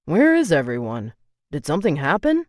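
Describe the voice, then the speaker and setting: A woman's voice: low voice, huge pitch swings, normal speed, no echo, studio quality. A woman reading an audiobook, voicing a protective young man, the heroine's level-headed but angry older brother, who talks bluntly and swears when riled. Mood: concerned.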